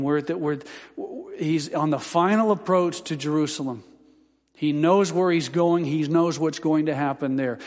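A man preaching a sermon as pastor, building from calm teaching to emphatic, impassioned peaks. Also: on the high side, big-room sound.

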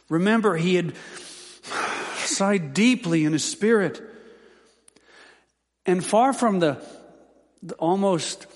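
A man preaching a sermon as pastor, building from calm teaching to emphatic, impassioned peaks. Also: high voice, big-room sound.

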